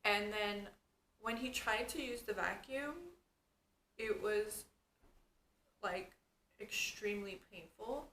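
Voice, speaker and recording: A woman's voice: medium pitch, takes it slowly, pauses often, pushed and bright. A young woman vlogger telling a story in casual chat, saying "like" and "you guys" constantly. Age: young adult. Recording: echoey room with faint background noise.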